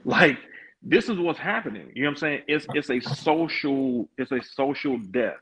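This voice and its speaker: A man's voice: mid-range voice, animated, normal speed, fairly bright tone, low-quality recording. A man hosting a talk show, giving opinionated commentary, stumbling over restarts before landing his points with emphasis. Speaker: podcast host.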